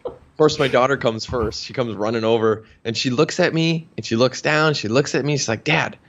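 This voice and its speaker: A man's voice: medium pitch, brisk, highs cut off, a little hiss or hum. A man casually telling a long personal story in an interview, chatty and full of fillers. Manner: chatty, anecdotal, many fillers. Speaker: health practitioner.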